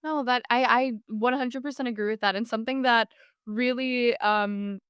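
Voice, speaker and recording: A young woman hosts a relaxed podcast chat, her voice a little high and very clear. She talks in a chatty, animated way, restarting sentences as she goes. The sound is close and dry. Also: normal speed, dry recording. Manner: chatty, many fillers and restarts, animated storytelling. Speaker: podcast host. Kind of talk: casual podcast conversation.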